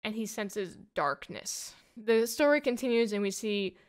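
A woman's voice: medium pitch, animated, unhurried. A woman giving a casual, rambling plot summary of a comic, full of "like" and "you know". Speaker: comic book reviewer.

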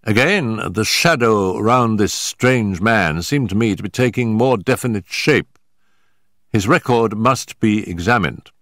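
An older man reading a story aloud in a measured, grave storytelling manner, recorded on a close studio mic. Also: fairly low pitch, fairly bright tone, no echo. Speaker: audiobook narrator. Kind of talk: scripted narration.

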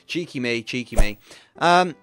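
Young male gaming YouTuber, playful and sing-song, animated pitch, dry booth sound. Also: normal speed, smooth, no echo, soft background music. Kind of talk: Minecraft let's play commentary.

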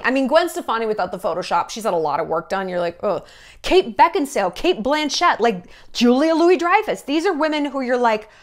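A woman in her thirties talking in a blunt, gossipy, profane way in a casual commentary vlog. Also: on the high side. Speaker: YouTube commentator.

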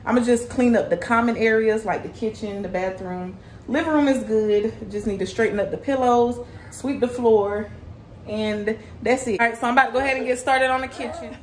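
A woman's voice: on the high side, fairly quick, reverberant, slight background noise. A woman, chatting casually to her viewers at home in a vlog, often calling them y'all. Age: 20s. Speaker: vlogger. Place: home, porch and kitchen.

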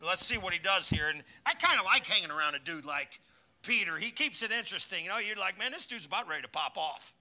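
A man preaching at a church service, with a high, very bright and forceful voice. He mixes folksy, joking asides into his scripture reading, and he gets louder and higher when he exhorts the congregation. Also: expressive, fast talker. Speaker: pastor. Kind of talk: sermon.

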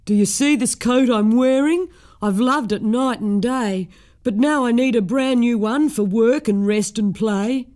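Benson, a huge gentle giant of a man in a storybook, speaks in a soft, sad and polite way, as a woman reads him. His voice sits a little high. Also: unhurried, lightly acted.

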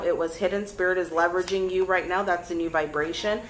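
A young woman giving a casual tarot reading to camera, chatty and lively, talking straight to her viewers. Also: fairly low pitch, fast talker, a little hiss or hum, low-quality recording. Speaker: tarot reader.

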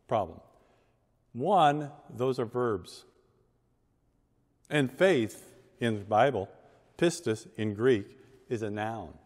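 A man, a pastor, reading scripture and preaching a sermon with measured, emphatic delivery and deliberate pauses. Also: medium pitch, a little mellow. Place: church sanctuary. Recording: long church reverb.

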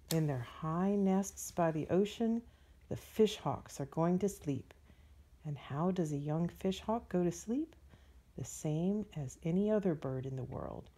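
Slow, mellow woman reading a bedtime story. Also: lowish voice, breathy edge. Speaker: storybook reader.

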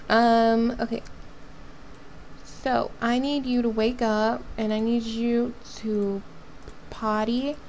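Pitched a little high and somewhat mellow, this woman's voice carries a faint hiss or hum. She hosts a life-sim game video, keeping the commentary casual and addressing her characters while she plays.

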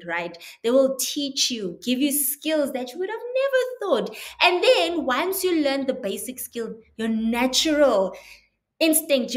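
Emphatic woman giving a motivational talk. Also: a little high. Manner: emphatic, repeats "right?" to check in. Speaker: motivational host.

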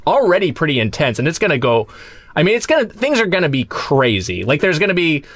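A man's voice: on the high side, big pitch swings, fast talker, fairly bright tone, no echo, clean studio sound. A man co-hosting a casual podcast, musing in thoughtful, rambling asides. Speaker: podcast co-host. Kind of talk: casual chat.

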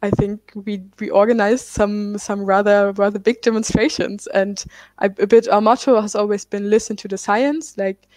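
A German woman in her twenties, a climate activist speaking on a panel, talking in a relaxed way with many fillers and restarts. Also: medium pitch, normal speed, no room sound. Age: 20s. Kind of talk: panel talk.

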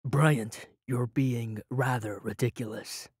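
Brief: man doing a prim, exhausted young wizard, low and flat-calm, dry booth sound. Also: slow, breathy edge, no room sound. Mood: weary calm. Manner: overly calm, tired, prim. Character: calm, weary, formal young male wizard.

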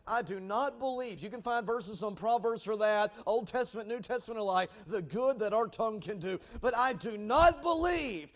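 A man preaching a sermon as a visiting evangelist, swinging from loud, emphatic peaks down to hushed, low passages. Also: brisk, few pauses. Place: church sanctuary.

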